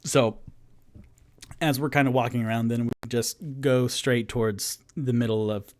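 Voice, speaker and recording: A young man narrating and running a solo tabletop game, excitable and rambling. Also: medium pitch, normal speed. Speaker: game master and solo player.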